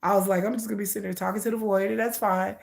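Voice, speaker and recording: A woman's voice: medium pitch, level tone, very fast, gravelly, a little mellow. A woman hosting a casual live stream, talking in an emphatic, repetitive way and calling her viewers y'all. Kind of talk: casual livestream commentary.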